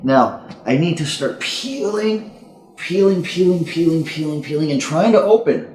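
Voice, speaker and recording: A man's voice: on the high side, expressive, moderate pace, darkish tone, roomy sound. A man teaching jiu-jitsu escapes in a casual demo, often checking in with "okay?" and sometimes strained for breath while caught in a choke. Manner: casual, repeats words and says "okay?" often. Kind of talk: instructional technique demo. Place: training gym, indoors.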